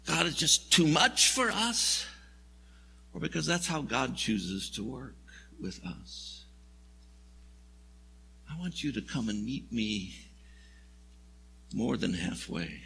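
A man's voice: mid-range voice, big pitch swings, takes it slowly, creaky, pauses often, bright, forceful tone, husky. A man preaching a sermon in a church, telling the story in a conversational, wry way. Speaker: pastor. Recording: long hall reverb.

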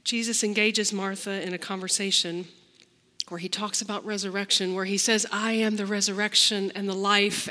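A woman pastor delivering a slow, reflective sermon, acting out the lines she quotes. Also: medium pitch, sharp tone, big-room sound.

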